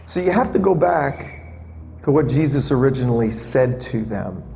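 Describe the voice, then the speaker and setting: A man's mid-range, darkish voice with vocal fry moves at a moderate pace, expressive as he preaches a chatty sermon full of jokes and questions for the congregation. He's a pastor in a church hall with a live audience; the sound is reverberant with faint background noise.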